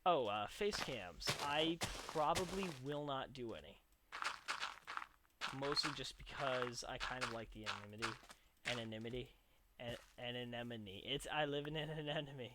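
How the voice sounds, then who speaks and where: A man's voice: mid-range voice, lively intonation, moderate pace. Young man, let's play host, rambling self-mocking commentary, audible background hiss, clicks. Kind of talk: casual gameplay commentary. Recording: noisy home recording with clicks.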